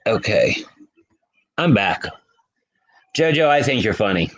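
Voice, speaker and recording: A man with a lowish voice hosts a relaxed livestream chat. He talks slowly, his pitch moves a lot, and he laughs easily as he answers viewers. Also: low-quality recording. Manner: chatty, laughs often, talks to chat by name. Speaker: livestream host.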